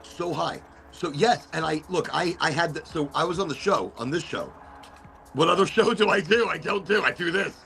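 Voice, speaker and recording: A man's voice: a little high, normal speed, vocal fry, faint music behind. A man hosting a casual chat show, telling stories with lots of acted-out quotes. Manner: animated storyteller, acts out quotes. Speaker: host.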